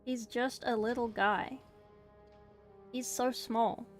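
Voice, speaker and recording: A woman's voice: a little high, fairly even intonation, slow, faint music behind. A woman streamer chatting casually while painting, self-deprecating, swearing and giggling. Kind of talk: casual livestream chat.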